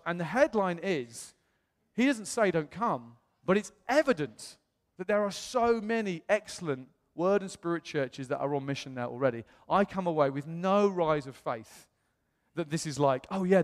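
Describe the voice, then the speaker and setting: British male pastor, lively storytelling sermon, slightly high voice, long church-hall reverb. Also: moderate pace. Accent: British English. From England. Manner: animated storyteller, acts out quoted voices. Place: church auditorium.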